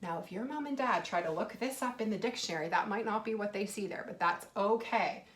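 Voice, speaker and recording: A woman kindergarten teacher giving a video lesson for young children, stretching out words slowly as she sounds them out. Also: mid-range voice. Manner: slow, drawn-out sounding out of words, warm encouraging. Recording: echoey room.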